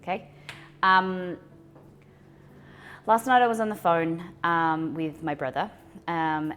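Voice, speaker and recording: An Australian woman with a low-pitched voice hosts a casual cooking livestream, chatting excitably with her chat.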